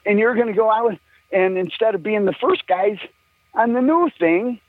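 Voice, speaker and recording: An older man tells long, rambling stories about his old band, swearing freely and breaking into laughs. His voice sits a bit high for a man. It comes through a thin, phone-like line with no room sound at all. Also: animated, normal speed, dry recording. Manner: rambling, profane, laughing often. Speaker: musician guest. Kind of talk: casual storytelling. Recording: tinny phone line, dry.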